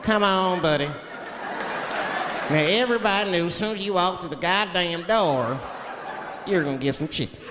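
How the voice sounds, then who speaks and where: A man's voice: sits high, normal speed, long pauses, noisy background, natural voice. A man voicing a blunt male restaurant server who speaks in a condescending, matter-of-fact way. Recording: live stage hall with crowd.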